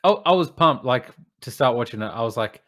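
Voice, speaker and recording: A man's voice: mid-range voice, a little fast. A man co-hosting a casual film review chat, telling things in a loose, laughing way. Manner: laughing, animated storytelling with quoted asides. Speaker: podcast co-host, film reviewer.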